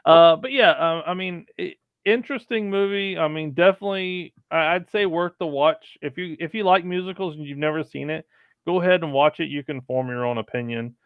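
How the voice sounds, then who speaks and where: A man's voice: a little high, brisk, clear, resonant tone, dry recording. A man giving a hesitant opinion in casual review chat, with many "um" fillers. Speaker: podcast panelist. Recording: tinny phone line, dry.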